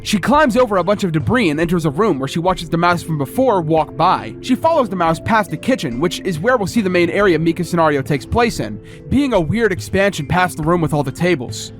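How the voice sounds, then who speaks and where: A young man with a high voice narrates a scripted video retrospective of a game series. He keeps a wry, self-deprecating edge. Quiet music plays faintly beneath his voice. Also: animated, fairly quick. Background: faint background music.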